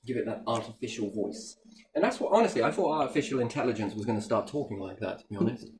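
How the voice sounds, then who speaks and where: A man's voice: lowish voice, quick pace, low-quality recording. A man chatting casually and animatedly, with a faint hiss of noise behind him. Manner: animated, playful, slips into silly put-on voices. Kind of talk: casual chat.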